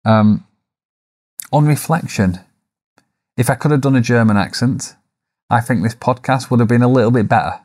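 A man's voice: mid-range voice, moderate pace, long pauses, a little mellow. A man hosting a solo podcast, talking reflectively in a coaching tone, posing rhetorical questions and adding the odd self-deprecating aside. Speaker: podcast host. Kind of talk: solo business podcast monologue.

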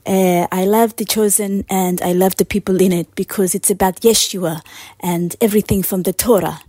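A woman voicing a solemn biblical man from Nazareth in a recorded voice message, with slow weighty pauses and rounded words. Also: mid-range voice, fairly even intonation, mellow, dry recording, natural voice. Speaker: host's wife.

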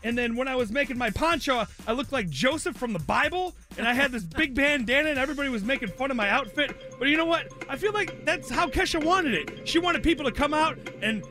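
Breathless, enthusiastic bright-voiced man. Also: very high voice, animated, faint music behind. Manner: fast, enthusiastic, breathless storytelling. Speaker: radio show regular running the board. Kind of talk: casual radio chat and timed storytelling. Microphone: studio mic in an isolation booth.

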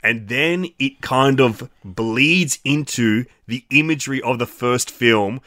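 A man's voice: medium pitch, slow pace, sharp tone, no room sound, clean studio sound. An Australian man co-hosting a podcast, chatting about a film with enthusiasm, swearing casually and cracking bawdy jokes. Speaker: podcast co-host.

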